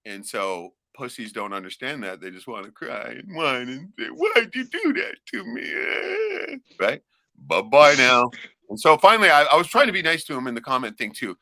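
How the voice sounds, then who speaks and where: A man's voice: mid-range voice, lively intonation, brisk, pushed and bright, no room sound, clean studio sound. Profane, rowdy man ranting on a livestream. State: a few beers in. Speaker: livestream host. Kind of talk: casual livestream rant.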